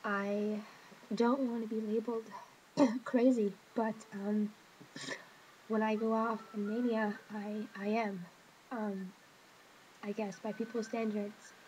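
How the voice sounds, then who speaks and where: A woman speaking to camera in a personal confessional vlog, hesitant and emotional, stopping often with pauses and fillers. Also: mid-range voice, little pitch movement, darkish tone, slight background noise, rough recording. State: emotional, hurting. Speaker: vlogger.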